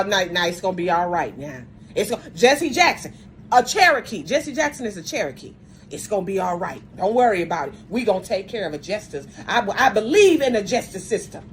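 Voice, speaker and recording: A woman talks straight to her viewers in an emphatic, lecturing monologue. She repeats her points and opens phrase after phrase with "see" or "look." Her voice sits at an ordinary middle pitch for a woman. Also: slight background noise, low-quality recording.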